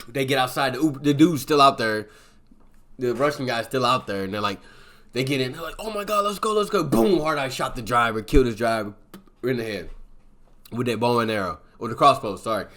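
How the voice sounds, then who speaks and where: Low-voiced man rambling through a film recap. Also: pushed and bright. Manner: rambling, with filler words like boom and yada yada. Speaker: movie reviewer. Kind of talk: casual plot recap.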